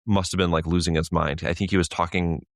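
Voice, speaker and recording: A man co-hosting a sports podcast in a casual, chatty way, laughing often and getting animated when telling a story. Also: low voice, quick pace, dry recording, studio quality. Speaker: podcast co-host. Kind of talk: casual chat.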